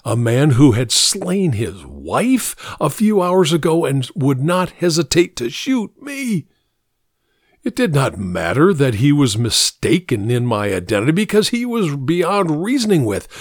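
Man, story narrator, slow measured reading, lively pitch, dry close mic. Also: husky, dry recording. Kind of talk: dramatic first-person story reading.

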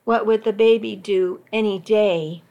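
A woman narrating a first-person story in a steady, reflective reading voice. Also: medium pitch, measured pace, muffled recording.

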